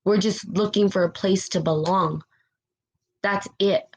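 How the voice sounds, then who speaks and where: A woman's voice: medium pitch, fairly even intonation, a little slow, low-quality recording. A woman hosting a spiritual live stream, giving a fervent, emotional motivational talk. She is close to tears and keeps asking "right?" as she goes. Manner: fervent and emotional, repeats phrases, asks "right?". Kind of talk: impassioned motivational talk, reading viewer comments.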